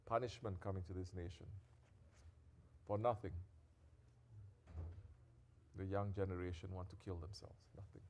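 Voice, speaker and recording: A man giving a sermon as a sheikh, who moves between quiet, intimate reflection and loud, scolding exhortation and drops Arabic devotional phrases into his talk. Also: sits low, steady tone, moderate pace, pauses often, slight background noise.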